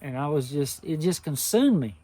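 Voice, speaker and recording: On his knife channel, an older man addresses viewers with emotion and humility, repeating himself often in a casual, heartfelt talk. His voice is a little high, mellow and expressive, at a moderate pace.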